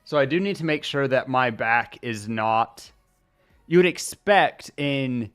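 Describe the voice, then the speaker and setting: A male streamer chatting casually, rambling along with pauses and restarts as he talks into his desk mic. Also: mid-range voice, expressive, fairly bright tone, smooth, soft background music. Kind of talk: casual livestream chat. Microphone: desk mic at streaming setup.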